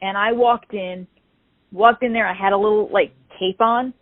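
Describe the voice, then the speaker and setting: A woman, telling an animated story as an interview guest and acting out the quoted dialogue. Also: mid-range voice, moderate pace, no echo. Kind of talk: casual storytelling. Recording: tinny phone-like call audio.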